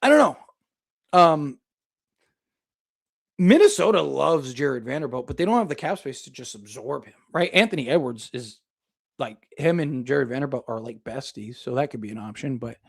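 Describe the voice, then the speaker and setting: A young sports podcast host with a mid-range, animated voice and some vocal fry talks at a moderate pace on his casual live basketball stream. He reads super chats from viewers, rambling and thinking out loud with lots of fillers.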